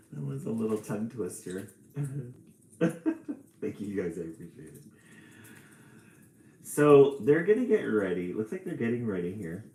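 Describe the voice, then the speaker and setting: Slow, easygoing man reading aloud. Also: fairly low pitch, reverberant, slight background noise, low-quality recording. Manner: slow, relaxed, chatty with small laughs. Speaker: storybook reader on a live stream. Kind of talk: reading aloud and chatting with viewers.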